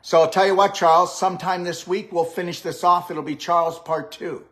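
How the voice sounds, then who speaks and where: A man's voice: high-pitched, fairly even intonation, a little fast, a bit bright. An older man hosting a live-stream chat with a guest, talking in an upbeat, coaching way and often checking in with "okay? all right?". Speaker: host and health practitioner.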